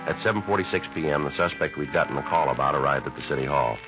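A terse police detective, narrating the case and grilling suspects in a clipped, deadpan way in a 1950s radio crime drama. The voice is very deep and the delivery quick. It sounds like a dull, lo-fi old radio broadcast with music under it. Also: male voice. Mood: flat report. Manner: clipped, matter-of-fact, deadpan.

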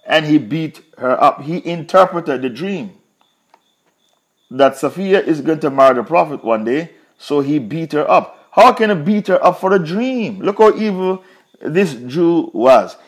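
A man's voice: on the high side, lively intonation, a little slow. A man teaching a Quran commentary lesson, retelling a story with emphatic repetition.

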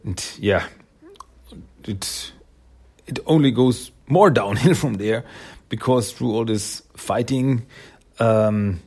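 A man's voice: mid-range voice, slow pace, long pauses, darkish tone, breathy edge. A man casually recapping a cartoon episode, rambling with fillers and chuckles.

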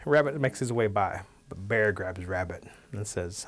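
A man tells a traditional animal tale aloud, relaxed and conversational. His voice sits fairly low. He gets animated as the story moves along. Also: moderate pace, hardly any pauses. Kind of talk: oral folktale telling.

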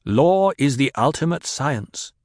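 A man's voice: medium pitch, expressive, slow, darkish tone, no room sound, voice pushed up. Proud young duke heir, icy and commanding, a man narrating does him, dry close sound.

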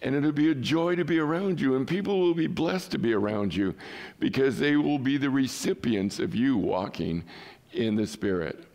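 A male pastor preaching a sermon in an emphatic way, with rhetorical questions and pauses. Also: mid-range voice, animated, darkish tone.

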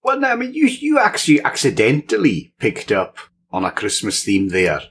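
A man's voice: medium pitch, wildly swooping pitch, moderate pace, a bit bright, a little hiss or hum. A man co-hosting a casual tech podcast, playful and enthusiastic, full of jokes. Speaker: podcast co-host. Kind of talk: casual chat.

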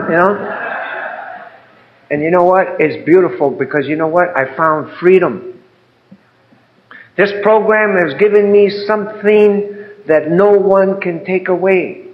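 A man's voice: sits high, a little slow, pauses often, narrow, tinny audio, background noise. An older man giving a heartfelt, rambling personal testimony about his recovery, often adding "man" and "you know". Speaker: recovery speaker.

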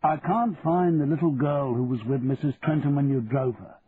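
A man's voice: medium pitch, moderate pace, natural voice. Polite young Londoner, read by a male narrator. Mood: earnest. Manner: polite and persuasive. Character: earnest young London man on a quest. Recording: tinny lo-fi radio recording, faint hiss.

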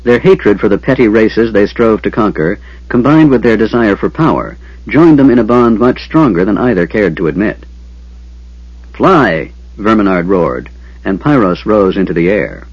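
A man narrating a fantasy audiobook in a steady, dramatic storytelling manner. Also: on the low side, moderate pace, no room sound. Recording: dull lo-fi.

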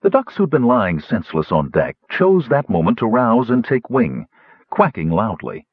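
A man reading a fantasy story aloud, narrating lively and putting on higher voices for the characters. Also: normal speed, slightly rough, muffled recording. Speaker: audiobook narrator.

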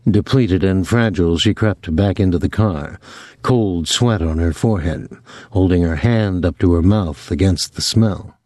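A man narrating an audiobook in an expressive, measured reading. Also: sits low, no room sound, studio quality.

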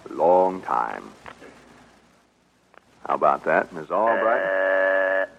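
A man's voice: deep voice, animated, drawn-out words, vocal fry, a little hiss or hum. A man hosting a live radio game show in a studio, jovial and teasing, laughing often as he leads contestants. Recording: muffled old radio broadcast recording.

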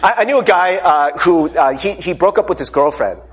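A male pastor giving a sermon, telling stories with animated delivery and acting out the lines he quotes. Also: a little fast, slightly rough. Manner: animated storytelling, acts out quotes with shifting pitch.

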